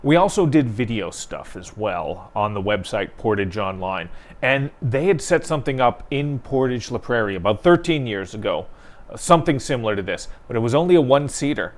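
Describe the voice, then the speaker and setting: Co-hosting a local newspaper talk show, a man tells stories in a chatty, casual way and laughs often. His medium-pitched voice is animated and a little fast.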